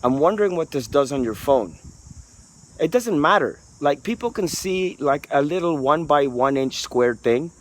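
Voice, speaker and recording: A man vlogging outdoors on a residential street into a handheld phone, talking in a rambling, profane, street-casual way. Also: a little high. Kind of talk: casual walking vlog rant.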